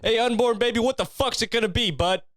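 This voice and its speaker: A man's voice: extremely high pitch, fast talker, a bit bright, no room sound, pitched above the performer's own voice. A man putting on a relentless, profane motivational coach who barks orders at a listener. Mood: fired up. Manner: barking, profane, hard-driving. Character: shouting male motivational drill coach, relentless.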